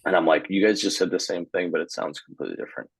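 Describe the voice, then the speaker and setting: Low, husky young man being interviewed. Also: very fast, no echo, low-quality recording. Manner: relaxed, hesitant with fillers, chuckling. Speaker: guest, hockey player. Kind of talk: casual interview chat.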